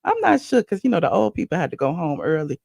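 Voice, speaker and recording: Woman, live-stream host, chatty and rambling, slight gravel, dry close sound. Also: on the low side, fast talker, no echo. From Atlanta, USA. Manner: chatty, animated, rambling asides. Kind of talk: casual live-stream chat.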